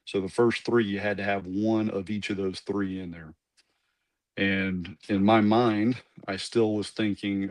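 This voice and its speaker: A man's voice: on the low side, steady tone, measured pace, no room sound. A man, a former Army commander, telling his story in a casual interview, rambling with asides and restarts.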